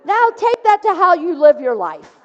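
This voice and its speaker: A woman's voice: very high voice, big pitch swings, normal speed, some chatter behind. A woman minister giving a sermon, telling a story and acting out the voices of its people. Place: church sanctuary. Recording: dull sound with long hall reverb.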